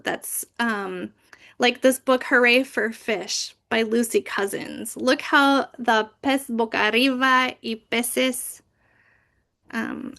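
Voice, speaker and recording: A library youth services manager leads a training session on reading picture books aloud, slipping into big, playful character voices. Her voice is fairly high and a little bright.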